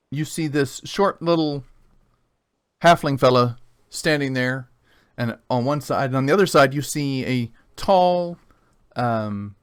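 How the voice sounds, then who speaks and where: A man narrating as game master of a tabletop game, relaxed and often laughing. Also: mid-range voice, smooth, no echo.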